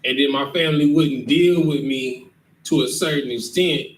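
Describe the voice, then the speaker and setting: At a moderate pace and mid-range pitch, a man teaches a scripture class emphatically and keeps confirming his listeners are with him. The mic sits far away in an echoey room, picking up faint noise.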